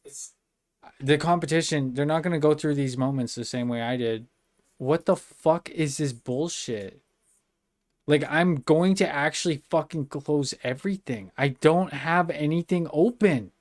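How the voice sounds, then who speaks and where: A man's voice: on the high side, a little slow. Exasperated young man swearing on stream. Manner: frustrated, swearing a lot, exasperated. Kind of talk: casual live-stream chat.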